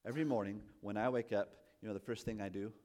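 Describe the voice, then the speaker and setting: A male pastor in his thirties giving a casual, self-deprecating sermon, asking the congregation questions and swinging from quiet asides to loud emphatic points. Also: on the low side, fairly even intonation, fast. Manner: chatty, self-deprecating, asks the audience questions.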